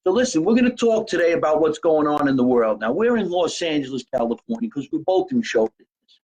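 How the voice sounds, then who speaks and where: A man from New Jersey hosting a casual live podcast, talking in an animated way. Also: a little high, fast talker, muffled recording. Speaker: podcast host.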